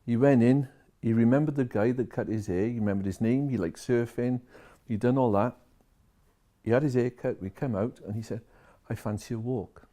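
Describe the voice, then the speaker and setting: Mellow-voiced care worker. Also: male voice, medium pitch, normal speed. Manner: chatty, retells conversations line by line. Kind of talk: storytelling to camera.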